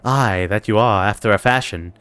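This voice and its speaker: A man voicing a sardonic interrogator who taunts a prisoner in a slow, drawling way. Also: fairly low pitch, a bit bright, smooth, dry recording, close to an everyday voice. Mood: mocking. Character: sardonic male interrogator, dry and mocking.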